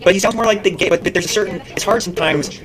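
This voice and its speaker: Rambling high-voiced man chatting. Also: very fast, crowd noise, rough recording. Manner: rambling, laughs between stories, mimics others in quotes. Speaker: streamer. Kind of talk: rambling casual monologue.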